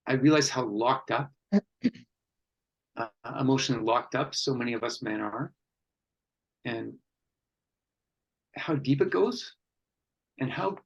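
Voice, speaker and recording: A man speaking at a workshop on men and conflict, earnest and reflective, with pauses and fillers. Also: mid-range voice, gravelly, breathy edge, low-quality recording.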